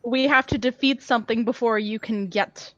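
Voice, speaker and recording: A woman's voice: fairly high pitch, fairly even intonation, moderate pace, dry recording, dull audio. A woman player chatting casually and asking questions at the table. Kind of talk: casual chat.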